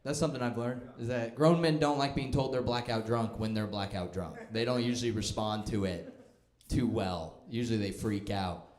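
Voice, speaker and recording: A man's voice: lowish voice, normal speed, a little mellow. A young man doing a stand-up comedy set, with a dry, self-deprecating and mocking delivery. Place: comedy club stage. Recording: echoey club room.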